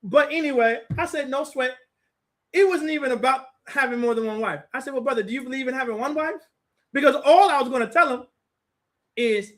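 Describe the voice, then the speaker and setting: A man telling a story in casual chat, animated and laughing often, acting out what others said. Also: extremely high pitch, a little fast. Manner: animated, laughing, acts out quotes. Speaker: group teacher.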